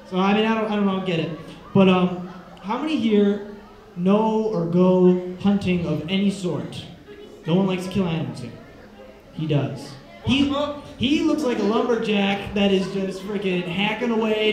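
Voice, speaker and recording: A young man performing a rambling, excitable stand-up set in front of a live audience. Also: sits high, moderate pace. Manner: rambling, excitable, loose and casual. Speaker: stand-up comedian. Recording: echoey room with crowd audible.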